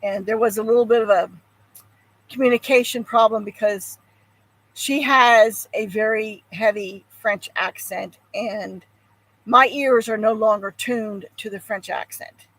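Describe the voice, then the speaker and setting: A woman's voice: mid-range voice, fairly even intonation, measured pace, fairly bright tone, poor audio. An older woman hosting a homestead channel, chatting casually with viewers in a rambling way, with frequent ums and sighs. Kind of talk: casual chat, answering viewers.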